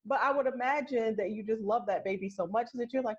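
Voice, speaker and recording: A woman talking as a podcast guest in casual interview chat, soft and reflective, often restarting her sentences. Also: mid-range voice, expressive, brisk, hardly any pauses. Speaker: podcast guest, aromatherapist and health coach. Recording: lo-fi muffled sound.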